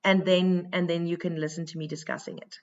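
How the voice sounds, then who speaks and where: A woman teacher giving a recorded lesson, thinking aloud as she goes and pausing often with fillers. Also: lowish voice, fairly even intonation, highs cut off.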